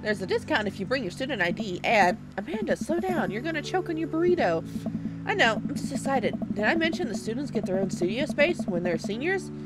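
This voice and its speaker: A woman's voice: on the high side, very animated, over loud music, poor audio. A woman voicing a bubbly teenage daughter bound for college while reading game dialogue aloud. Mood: excited. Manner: bubbly, gushing, quick chatter. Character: excited teenage girl heading to college.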